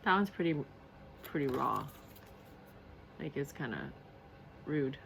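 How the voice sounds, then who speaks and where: A woman's voice: a bass voice, very animated, takes it slowly, gravelly, fairly bright tone, slight background noise. A woman reviewing a card deck on camera in a casual, gushing way, repeating herself and laughing often. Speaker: tarot and oracle deck reviewer.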